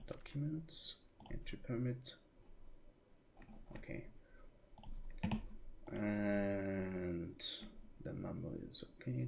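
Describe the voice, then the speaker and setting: Man, gravelly, game streaming, keyboard clicks and faint hiss behind. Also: low voice, takes it slowly, long pauses. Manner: thinks aloud, muttering and exclaiming in frustration. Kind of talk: live gameplay commentary.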